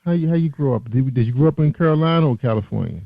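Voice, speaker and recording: A man's voice: medium pitch, very fast, gravelly, dry recording. A man hosting an online radio interview show, chatting loosely and correcting himself as he goes. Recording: tinny phone-line sound.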